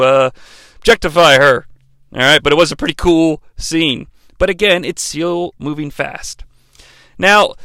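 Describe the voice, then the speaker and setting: A man's voice: a little high, bright, forceful tone, clean tone, no echo. A man giving a casual, profane and rambling spoken movie review, full of restarts and asides. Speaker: film reviewer.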